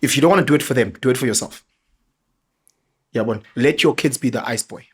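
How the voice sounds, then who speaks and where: Man, South African accent, middle-aged, casual storytelling, lively, mid-pitched. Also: brisk, slightly rough. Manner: animated storyteller, mixes local words into his talk. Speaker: father sharing parenting stories. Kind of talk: casual podcast conversation.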